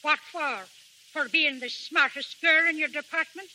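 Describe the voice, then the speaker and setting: Strict middle-aged mother, scolding, high bright voice, old radio play. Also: steady tone, moderate pace, rough recording. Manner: scolding and know-it-all. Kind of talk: 1930s radio acting.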